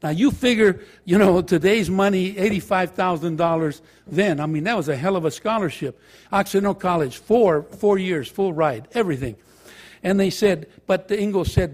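Husky older man telling stories. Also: sits high, moderate pace. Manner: anecdotal, joking, switches into Spanish. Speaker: former high school teacher and counselor. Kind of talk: storytelling talk to an audience.

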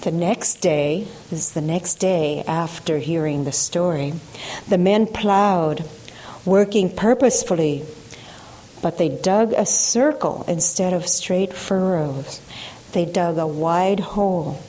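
A woman reading a folk tale aloud in a slow, hushed, measured way. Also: lowish voice, low-quality recording. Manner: slow, hushed, measured delivery with voiced quotes. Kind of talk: storytelling reading.

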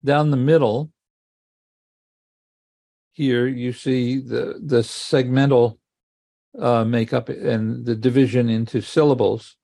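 Older male academic, gravelly mid-pitched voice, measured lecture delivery. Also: fairly even intonation, warm tone, no echo. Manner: measured, explanatory, with occasional fillers and restarts.

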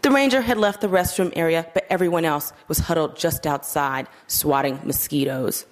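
A woman narrating a literary short story in a measured, steady audiobook reading. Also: low voice.

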